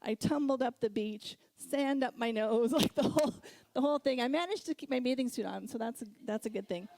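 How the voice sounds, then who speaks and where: A middle-aged woman giving a sermon, telling a personal story with frequent laughter and animated moments. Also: on the high side, brisk, no echo. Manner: storytelling, laughs often, animated when recounting. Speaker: guest speaker.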